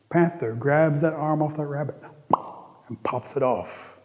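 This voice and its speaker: A man from the Cherokee Nation telling a traditional story in an animated, rhythmic, playful way. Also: on the high side, unhurried. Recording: long reverb.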